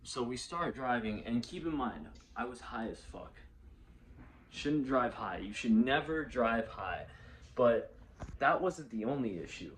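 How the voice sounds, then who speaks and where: A man's voice: medium pitch, slight background noise, rough recording. A young man telling a personal story in a casual, rambling way, swearing freely, correcting himself and laughing often.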